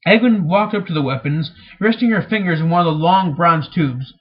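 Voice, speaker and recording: A man's voice: a little high, brisk, breathy edge. A man reading a fantasy novel aloud, stumbling and restarting often, in a dull, lo-fi home recording. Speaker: reader.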